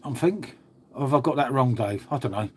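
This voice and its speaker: A man's voice: mid-range voice, expressive, a little fast, slightly rough. A middle-aged man, hosting a casual live stream, chatting bluntly with viewers, swearing freely and calling them mate. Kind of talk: casual live chat reading comments.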